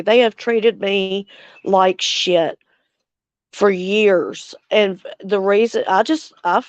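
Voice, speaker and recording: A woman's voice: medium pitch, dry recording, muffled recording. Angry, blunt woman in her forties. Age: 40s. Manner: angry, blunt, heavy swearing, reads out viewer comments. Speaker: livestream host. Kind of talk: casual livestream chat with viewers.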